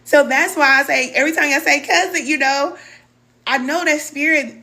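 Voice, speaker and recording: A woman's voice: sits high, normal speed, pushed and bright. A middle-aged woman, a spiritual wellness teacher, talking casually and emotionally to viewers on a live stream, reading their comments and calling them cousin.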